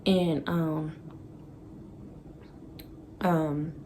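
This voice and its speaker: A young woman tells a candid story to her vlog audience, blunt and full of swearing. Her voice sits low for a woman, and she laughs often while acting out her own past lines. A faint hum of room noise stays under her speech. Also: level tone, extremely slow, warm tone. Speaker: vlogger telling a story. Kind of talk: casual storytime.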